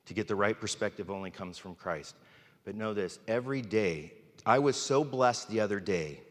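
A man's voice: fairly low pitch, normal speed. Candid male pastor in a reverberant hall. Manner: candid, informal, self-deprecating. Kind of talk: conversational sermon. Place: church sanctuary.

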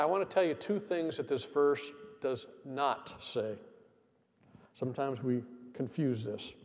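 A middle-aged man preaching a sermon as pastor, emphatic, repeating key phrases and slowing down to stress them. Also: mid-range voice, mellow. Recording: long hall reverb.

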